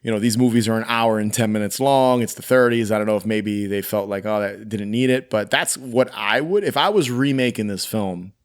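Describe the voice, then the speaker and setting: A man co-hosting a casual film review podcast, talking animatedly and acting out quick quoted lines. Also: on the low side. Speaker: podcast co-host.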